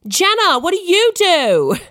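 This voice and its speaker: A woman voicing a loud, pushy American family friend, with a put-on American accent, yelling across a room. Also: very high-pitched, huge pitch swings, measured pace, voice pushed up, full character voice. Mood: prying. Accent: American, put on badly.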